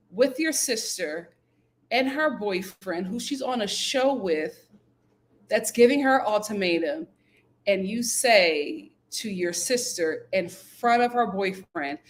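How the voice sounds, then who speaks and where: A woman giving casual, animated commentary on a reality show, acting out quotes in high, incredulous voices. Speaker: YouTube reality TV recapper.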